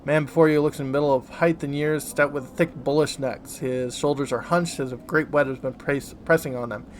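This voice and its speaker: A man hosting a let's play, reading game text aloud with relaxed, offhand asides. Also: a little high, a little fast, a little hiss or hum.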